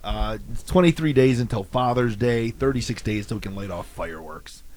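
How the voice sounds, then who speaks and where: A man's voice: mid-range voice, brisk, a little mellow. A man hosting a local morning radio show, chatting and joking casually with his co-host.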